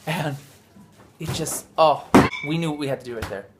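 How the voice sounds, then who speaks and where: A man's voice: on the high side, moderate pace, loud music behind the voice. A man hosting a family vlog, chatting casually and rambling with frequent restarts as he tells a story. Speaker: vlog host and father.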